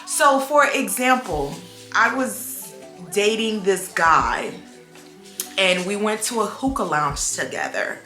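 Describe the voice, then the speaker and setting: A woman's voice: mid-range voice, slow, soft background music. A young adult woman, chatting casually on her vlog and acting out the people in her stories. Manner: animated storytelling, acts out quoted voices. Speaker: vlogger. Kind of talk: casual chat. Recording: echoey room.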